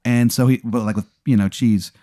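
A man's voice: mid-range voice, fairly even intonation, a little fast, dark tone, no echo, clean studio sound. A man hosting a podcast, telling an improvised comic story with lots of fillers. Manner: rambling, filler-heavy, laughing narration. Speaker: podcast host.

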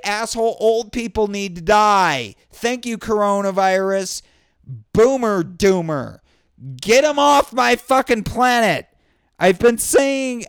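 A high-pitched man delivers a fast, profanity-laced rant, flaring into shouted outbursts. His voice is smooth and clear, recorded close and dry with no room sound. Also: no room sound. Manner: angry, sweary, ranting with bursts of shouting. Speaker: vlogger. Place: indoors during a thunderstorm.

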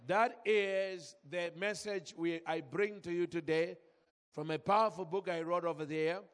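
A Zambian man preaches a sermon with a high-sitting voice at a measured pace, sounding as if he is in a big room. He tells a personal story with feeling and calls out to the congregation.

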